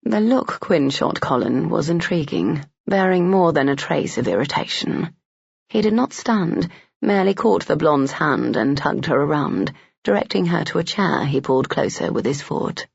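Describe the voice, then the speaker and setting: A man narrates a historical romance in a steady, even storytelling manner. His voice is gravelly and husky, and the recording is dry and muffled with a lo-fi edge. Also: on the high side, moderate pace, no room sound. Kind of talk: audiobook narration of a romance novel. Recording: dull lo-fi dry audio.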